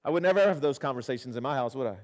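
A man's voice: medium pitch, animated, rapid-fire. Pastor guy preaching, chatty, talks to the crowd, long church echo. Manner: conversational preaching with asides to the congregation; repeats phrases for emphasis, swings from loud to hushed. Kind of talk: sermon. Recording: long hall reverb.

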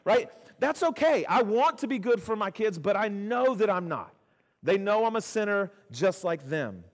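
Preaching at normal speed in a high, expressive voice, a male pastor delivers a conversational sermon with asides to the congregation. He drives points home by repeating phrases and alternates between loud and hushed passages, all in a long hall reverb.

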